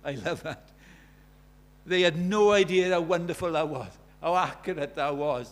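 Male preacher with a high voice, emphatic and questioning. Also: normal speed. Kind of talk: sermon.

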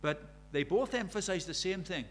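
Earnest older male preacher, high voice. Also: animated, normal speed, slight background noise. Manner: earnest, swinging between soft and emphatic, acts out quoted prayers. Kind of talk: sermon.

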